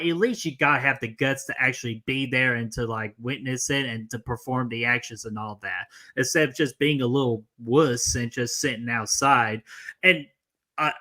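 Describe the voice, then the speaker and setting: A man's voice: medium pitch, sharp tone. A man co-hosting a casual live-stream movie debate, talking with many fillers. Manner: filler-heavy, lots of "like", laughs easily.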